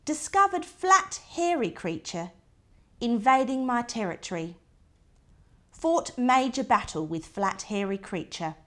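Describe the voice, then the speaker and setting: A woman reading a picture book aloud to a child, in short diary entries with soft asides pointing things out. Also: on the high side, big pitch swings, a little slow.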